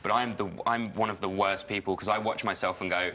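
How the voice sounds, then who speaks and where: A man's voice: on the low side, fairly even intonation, brisk, hardly any pauses. A man, an actor guest on a TV show, answering in a rambling, self-deprecating way. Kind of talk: TV interview answers. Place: TV studio. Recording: dull lo-fi sound with faint noise.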